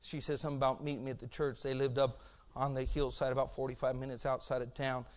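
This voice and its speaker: A middle-aged man preaching a sermon as pastor, swinging between loud shouting and hushed storytelling, and acting out the voices he quotes. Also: medium pitch, level tone, fast.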